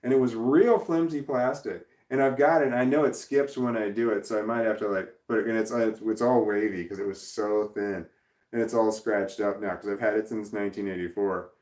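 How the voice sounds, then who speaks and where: A man's voice: fairly low pitch, fairly even intonation, a little fast, a little mellow. Middle-aged guy rambling on his livestream, swears a lot, keeps restarting his sentences, sounds echoey. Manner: rambling, profane, self-interrupting. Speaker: livestream host. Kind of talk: casual livestream chat reading comments. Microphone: camera in front. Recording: roomy echo.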